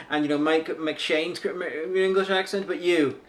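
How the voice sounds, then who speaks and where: A man's voice: a little high, steady tone, normal speed. A man chatting casually as co-host, telling anecdotes with dry, jokey asides. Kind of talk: casual chat.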